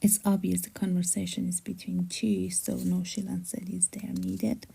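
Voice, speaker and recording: A woman novelist reading her draft aloud on a livestream, soft and often whispered, stopping to fix her wording. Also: lowish voice, level tone, moderate pace, creaky, breathy edge, poor audio.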